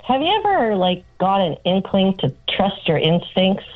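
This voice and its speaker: A woman's voice: medium pitch, big pitch swings, normal speed, phone-quality sound. A woman co-hosting a morning radio show, chatty and easygoing in her banter. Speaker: radio co-host.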